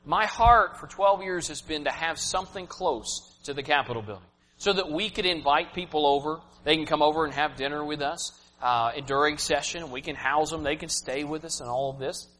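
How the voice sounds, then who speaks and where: A man in his thirties preaching a personal, emotional sermon, swinging from loud to hushed. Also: a little high, normal speed. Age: 30s. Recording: reverberant hall, faint hum.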